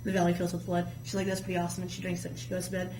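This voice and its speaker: A woman guest telling myths in casual, colloquial chat, with a lively storyteller's manner. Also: lowish voice, very fast. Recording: echoey room with faint hum.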